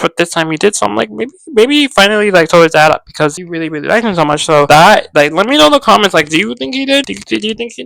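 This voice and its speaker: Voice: mid-range voice, dry recording, poor audio. Gushing young podcast host, dry sound. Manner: gushing, excitable, heavy filler use. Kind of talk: casual show recap to viewers.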